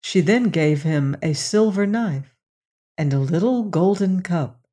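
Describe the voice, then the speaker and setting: Fairy tale narrator, slow measured reading, mid pitch, gently expressive.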